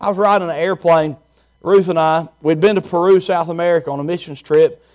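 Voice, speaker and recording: A man's voice: a little high, steady tone, brisk, darkish tone. A man preaching a sermon, repeating key words emphatically and telling a personal story.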